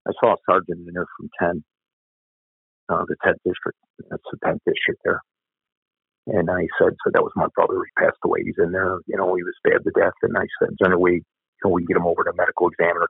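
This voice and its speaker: An older man who used to be a police officer tells a story in an interview, speaking bluntly and cursing at times. His voice sits low, gravelly with a breathy edge. The recording is dry and comes over a tinny, phone-like line.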